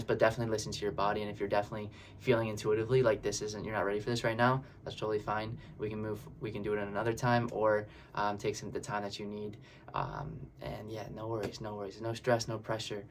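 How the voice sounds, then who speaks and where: A breathwork facilitator talks through what to expect in a session. He is a man with a somewhat low voice who speaks in a relaxed, reassuring way and loops back over the same words as he explains. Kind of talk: casual explanatory talk.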